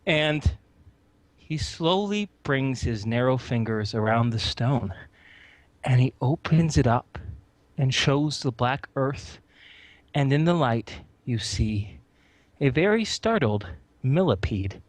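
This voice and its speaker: A man narrating a tabletop game as game master, with deliberate, descriptive storytelling. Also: mid-range voice, lively intonation, no echo.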